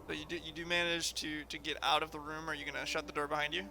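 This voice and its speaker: A man running a tabletop game as game master, narrating loosely with many fillers and pauses. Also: a little high, flat delivery, gravelly, pushed and bright.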